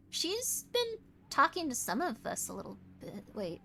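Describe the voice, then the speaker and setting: A tired woman streamer chatting casually while doing tarot readings, talking in quick self-interrupting bursts and apologizing often. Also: high voice, wildly swooping pitch, gravelly, a bit bright, slight background noise. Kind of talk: casual live-stream chat.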